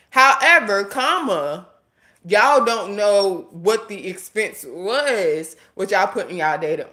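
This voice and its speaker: A woman live streaming, ranting casually and bluntly to her viewers, talking to the chat and swearing freely. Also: mid-range voice. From United States. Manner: blunt, animated, talks straight to viewers and chat. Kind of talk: casual livestream rant.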